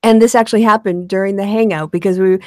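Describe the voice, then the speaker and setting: A woman's voice: medium pitch, fairly even intonation, quick pace, dry recording. A tired woman hosting a casual online chat, talking chattily and often trailing off with a laugh. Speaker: podcast host.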